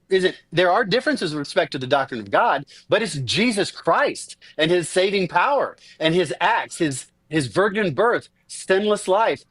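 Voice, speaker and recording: A high-voiced man walks through his debate slides with lots of swing in his pitch. He sounds insistent, and the sound is dry and close. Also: fairly bright tone, dry recording. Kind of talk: formal debate presentation.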